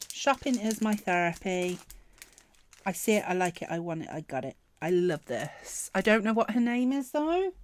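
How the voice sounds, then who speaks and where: A woman chatting casually through a planner sticker unboxing, gushing and excitable, often trailing off mid-sentence. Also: on the low side, slight background noise. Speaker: planner vlogger.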